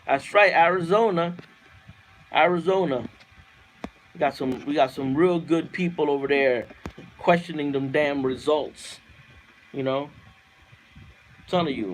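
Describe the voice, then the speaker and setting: A man ranting on a livestream, fiery and profane, repeating himself and climbing into shouted outbursts. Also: fairly high pitch, measured pace, long pauses, slight background noise. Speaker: livestream host reading viewer comments. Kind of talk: heated political rant on a livestream.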